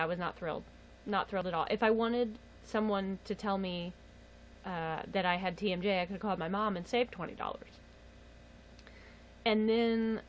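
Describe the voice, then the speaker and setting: A woman's voice: medium pitch, muffled recording, a little hiss or hum. A young woman on a casual livestream, telling a story in a chatty, exasperated way and laughing often. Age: young adult. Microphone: webcam or phone mic.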